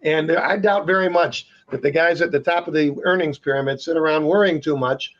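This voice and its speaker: A plainspoken male panel guest who thinks aloud and hedges his opinions. His voice sits a touch higher than most men's. The audio sounds slightly dull. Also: fairly quick, a bit bright. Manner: speculative, plainspoken. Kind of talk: panel discussion.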